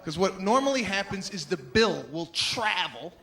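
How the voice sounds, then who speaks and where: A man doing a stand-up comedy routine, exasperated and acting out characters, building to shouts. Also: sits high, lively intonation, moderate pace. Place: comedy stage before a live audience. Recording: live show with crowd laughter and noise.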